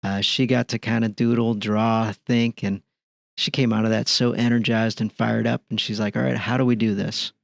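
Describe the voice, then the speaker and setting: A middle-aged man, a podcast guest, telling stories in easy conversation with an animated delivery. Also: lowish voice, normal speed, gravelly, dry recording, studio quality. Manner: animated, acts out dialogue in his stories. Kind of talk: conversational storytelling.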